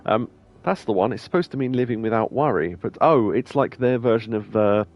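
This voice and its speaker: A man's voice: lowish voice, lively intonation, a little fast, darkish tone, dull audio. A man hosting a let's play, chatting casually and jokily, reading game text aloud and laughing often. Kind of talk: casual gameplay commentary.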